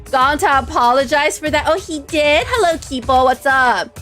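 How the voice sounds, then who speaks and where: A woman streamer playing a visual novel, reading the game's lines aloud and chatting with viewers in an animated, dramatic way. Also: high-pitched, moderate pace. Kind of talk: reading game text aloud and reacting. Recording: faint game music behind.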